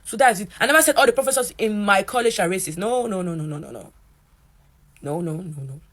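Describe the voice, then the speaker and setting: Young african woman ranting to camera, lively, jumps way up in pitch when she quotes people. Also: quick pace. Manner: animated, voices quotes in a higher pitch. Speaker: college student. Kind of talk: storytime rant to camera.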